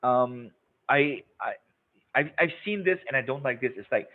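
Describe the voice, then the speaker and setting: A man's voice: medium pitch, animated, moderate pace. A man leading a live sales-training webinar, emphatic and repetitive, checking in with the audience as he goes. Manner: emphatic, repeats words, checks in with "okay?" and "right?". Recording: narrow phone-like webinar audio.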